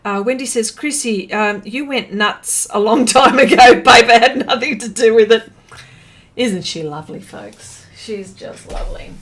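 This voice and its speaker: A woman's voice: fairly high pitch, moderate pace, fairly bright tone. A woman hosting an art livestream, chatting casually, reading out viewer comments, laughing often and correcting herself as she goes.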